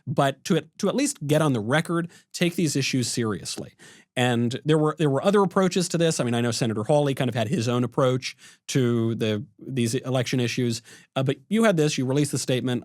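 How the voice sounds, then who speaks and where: A man co-hosting a political podcast who lays out an argument step by step in an animated way. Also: medium pitch, no room sound, studio quality. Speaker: podcast co-host. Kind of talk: casual political talk.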